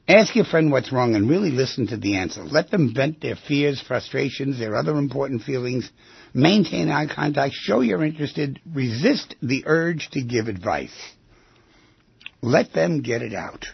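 A man hosting a radio call-in advice show, brash and fast, stumbling over his words. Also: medium pitch, lively intonation, vocal fry, husky, no room sound, lo-fi sound, soft background music. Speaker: radio self-help host.

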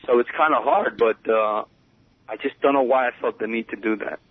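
A man's voice: medium pitch, fairly quick, no echo. Hesitant male caller on a tinny phone line. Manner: hesitant, many fillers and restarts, confessional. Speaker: radio caller. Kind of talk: phone-in conversation.

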